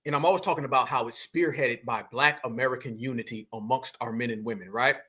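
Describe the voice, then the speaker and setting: A man's voice: mid-range voice, fast talker, pushed and bright, slightly rough. A man hosting an online commentary, talking preachily and addressing viewers as family. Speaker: commentary host.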